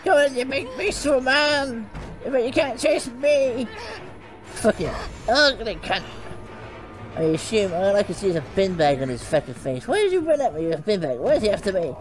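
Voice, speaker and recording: A man doing gaming commentary, swearing constantly and yelping and shouting in panic as he plays. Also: high-pitched, lively intonation, normal speed, soft background music. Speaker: gaming streamer. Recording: noisy, with game sounds behind. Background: game sounds.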